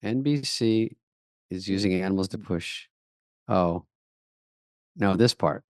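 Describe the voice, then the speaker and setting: A man's voice: low voice, slow pace, no room sound, clean studio sound. A man co-hosting a casual comedy podcast, cracking profane jokes as he reacts to clips. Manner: wisecracking, profane, laughs easily. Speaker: podcast co-host.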